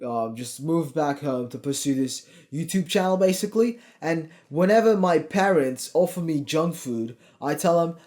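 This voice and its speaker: Young guy coaching fat loss, swears a ton, blunt and pushy, kinda high voice. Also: moderate pace, hardly any pauses, a little mellow. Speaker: fitness coach. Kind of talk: casual motivational vlog.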